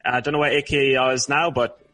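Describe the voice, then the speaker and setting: A man's voice: medium pitch, fairly even intonation, quick pace, sharp tone, rough recording. A young man hosting a podcast, chatting casually and teasing his co-host. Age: young adult. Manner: joking, teasing. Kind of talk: casual chat.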